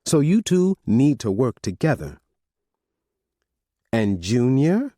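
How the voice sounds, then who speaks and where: A man reading an audiobook, voicing an older mother who calmly and firmly lays down the law to her grown children. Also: medium pitch, takes it slowly, dry recording, studio quality, pitched above the performer's own voice. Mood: firm, commanding. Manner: firm, commanding, calm. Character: stern family matriarch, older woman.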